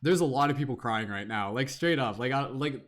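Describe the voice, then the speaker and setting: A man's voice: medium pitch, lively intonation, brisk, a bit bright. A young man giving a casual live-stream tarot reading, reading card text aloud and then chatting loosely with lots of "like". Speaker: tarot reader.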